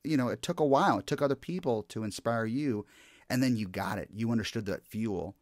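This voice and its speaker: A man's voice: medium pitch, a little fast, dry recording, studio quality. A man hosting a podcast interview, speaking in an encouraging, affirming way. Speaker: podcast host, hypnotist and corporate trainer. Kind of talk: casual interview chat.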